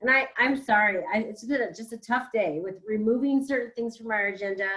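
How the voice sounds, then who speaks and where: A woman with a slightly high voice, speaking as a school board director over a video call. She talks in an emphatic, frustrated way, apologizing and then pressing her point again. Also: brisk, a bit bright, poor audio. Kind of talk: virtual meeting remarks. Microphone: computer mic on a video call.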